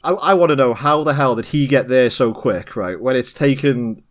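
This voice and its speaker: A man talks through a film with his co-host in loose, sweary podcast chat. His voice sits at an ordinary middle pitch, and he laughs easily between his thoughts. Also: moderate pace. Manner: chatty, laughs often, sweary, breaks into jokey voices. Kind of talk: casual film-review chat.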